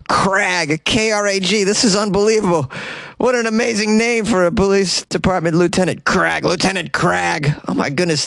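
A man with a mid-range voice hosts a comedy news podcast from a small closet, with no room sound. He riffs on weird stories in a sarcastic, animated way and keeps jumping into mocking voices.

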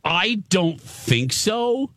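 A man's voice: high voice, very animated, very slow, fairly bright tone, no room sound. A man telling a funny story in a casual chat. He quotes people and acts out his own panic.

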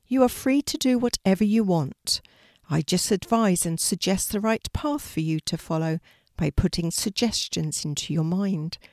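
A woman voicing a gentle female guardian angel who speaks softly and patiently in a storybook reading. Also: on the low side, moderate pace, no echo, studio quality, natural voice. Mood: advising. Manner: soft, patient, advising.

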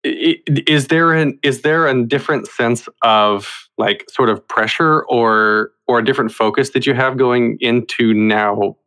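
A man hosting an interview podcast, talking casually with halting restarts and repeated words. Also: medium pitch, pushed and bright. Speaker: podcast host.

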